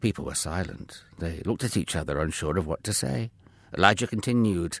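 A man narrating a children's Bible story with expressive storytelling. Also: deep voice, a little fast, vocal fry, breathy edge, no echo.

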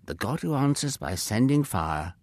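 A man's voice: medium pitch, big pitch swings, moderate pace, darkish tone, no room sound, voice pushed up. A man voicing a bold fervent prophet. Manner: commanding, emphatic calls.

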